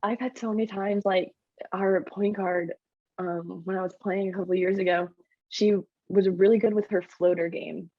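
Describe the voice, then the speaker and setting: A young woman, a basketball coach co-hosting a podcast, telling stories in a relaxed, laid-back way. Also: medium pitch, normal speed, dry recording. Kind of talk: casual chat. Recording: dull, lo-fi sound.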